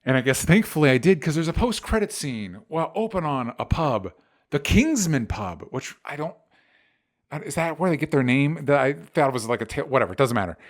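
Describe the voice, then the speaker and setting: A man's voice: a little high, sing-song, fairly quick. A man co-hosting a casual chat show, ranting animatedly with exasperation and swearing. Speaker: podcast co-host.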